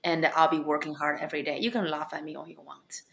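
A woman stand-up comedian and club owner with a non-native accent, answering interview questions bluntly and with animated storytelling. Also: deep voice, fast, creaky, background noise. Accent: non-native English accent.

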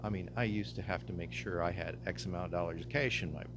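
A man's voice: low-pitched, steady tone, quick pace. An older man, a pastor, talking casually in an interview, easygoing and laughing often. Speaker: pastor guest. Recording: audible background hum.

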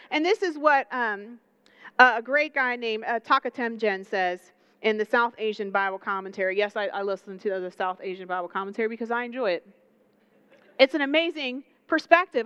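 Young woman preacher, high voice, dry and close, chatty and animated delivery with lots of questions to the crowd. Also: moderate pace, clear, resonant tone, no echo, dull audio. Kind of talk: sermon.

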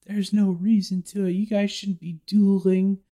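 A man doing a pleading young princess in falsetto. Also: flat delivery, normal speed, dark tone, lightly acted.

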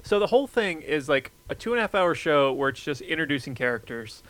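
A man's voice: fairly high pitch, big pitch swings, fast talker, a bit bright, poor audio. A man chatting casually, joking and ranting playfully. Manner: jokey, playful rants. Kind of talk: casual chat.

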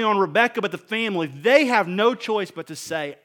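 Before a live congregation, a man preaches a sermon, reading scripture, slipping in casual joking asides, and then building to emphatic appeals. His high voice is bright and forceful, with lively intonation and a brisk pace that leaves few pauses.

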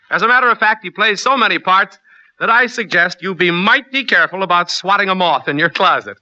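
A man's voice: high-pitched, bright, forceful tone. A man hosting a 1940s radio show with polished, genial announcer delivery, on a noisy, muffled old transcription. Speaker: radio host.

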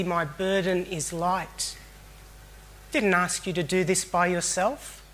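A preacher voicing Jesus, tender and reassuring, gentle rebuke, unhurried. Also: male voice, sits high.

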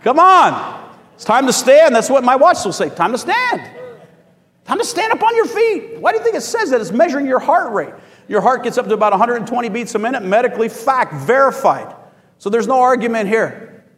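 A man preaching a sermon to his congregation, animated and rising to shouts as he asks for amens. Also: very high-pitched, brisk, big-room sound. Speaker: pastor. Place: church.

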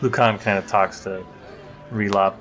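A man's voice: on the low side, fairly even intonation, measured pace, over loud music. A man playing a tabletop game, casually describing what his character does in the third person. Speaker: player.

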